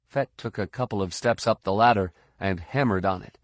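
A man narrating an audiobook in a steady, measured voice. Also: fairly low pitch, dry recording, clean studio sound. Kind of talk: scripted narration.

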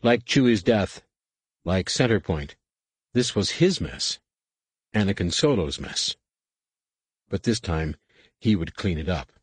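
Husky-voiced male audiobook narrator. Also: sits low, lively intonation, slow pace, pauses often, no echo. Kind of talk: scripted narration.

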